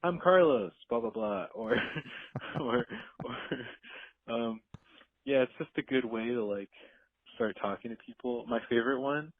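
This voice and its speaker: A man's voice: medium pitch, no echo. A man leaving a rambling voicemail for a podcast, acting out quotes as he tells it. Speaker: caller. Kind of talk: voicemail story. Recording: tinny phone line.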